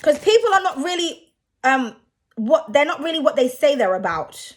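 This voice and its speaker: A woman's voice: high-pitched, big pitch swings, normal speed. A young woman who reads tarot, ranting bluntly and with a lot of swearing in a casual vlog. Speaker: tarot reader.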